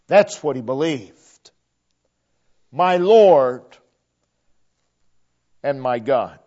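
A man's voice: medium pitch, lively intonation, drawn-out words, long pauses, dark tone. A man preaching a sermon, emphatic, repeating phrases for stress. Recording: dull lo-fi recording.

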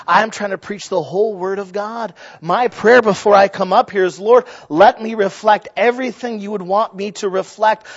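A middle-aged man preaching a sermon as a pastor, telling stories in a lively way with frequent restarts and asides. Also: high-pitched, muffled recording. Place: church sanctuary.

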